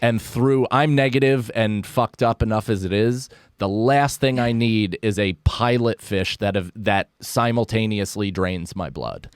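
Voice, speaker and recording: Candid, cursing comedian man, low voice. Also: a little slow, hardly any pauses, clear, resonant tone, dry recording, clean studio sound. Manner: candid, profane, self-deprecating. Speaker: comedian guest. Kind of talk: casual podcast chat.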